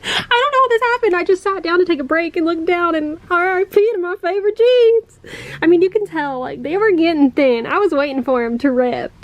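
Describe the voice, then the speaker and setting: Chatty high-voiced young woman vlogging. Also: brisk, darkish tone, dull audio. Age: college age. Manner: rambling, chatty, laughs when embarrassed. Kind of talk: casual vlog.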